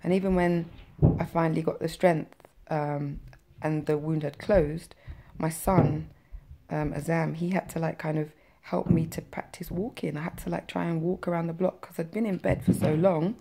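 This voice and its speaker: A woman's voice: low voice, steady tone, moderate pace, gravelly, dark tone. A woman vlogger telling her personal story to camera in a chatty, emphatic way, with many fillers and tag questions.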